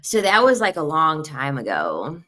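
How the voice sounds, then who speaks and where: A woman's voice: low voice, wildly swooping pitch, a little slow, bright, forceful tone. A woman in her thirties giving blunt, emphatic opinions in a casual commentary, often repeating her points. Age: 30s. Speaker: online commentator.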